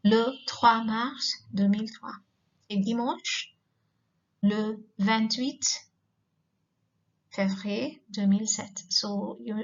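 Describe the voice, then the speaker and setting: A woman, a French teacher giving a recorded lesson and patiently repeating words slowly. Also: a little high. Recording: dull lo-fi recording.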